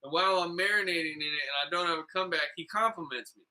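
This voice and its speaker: Chill podcast guy, kinda high bright voice, swears a lot, rambly. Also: very fast, rough recording. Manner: laid-back, profane, calls people "bro"; rambling, full of "like" and "you know". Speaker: podcast host. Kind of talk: casual storytelling chat.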